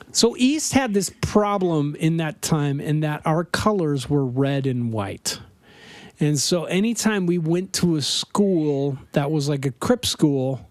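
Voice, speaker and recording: A man's voice: on the high side, dry recording. A middle-aged man from Denver chatting casually on a podcast, telling rambling stories and laughing often. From Denver, USA. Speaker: podcast host. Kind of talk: casual chat.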